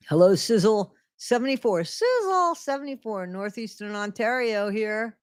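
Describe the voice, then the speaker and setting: Woman livestreamer, middle-aged, highish voice, dry close sound, repeats greetings. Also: expressive, moderate pace, hardly any pauses, smooth, dry recording. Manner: greets viewers by name, repeats phrases. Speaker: livestream host. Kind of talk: casual live-stream chat. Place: home.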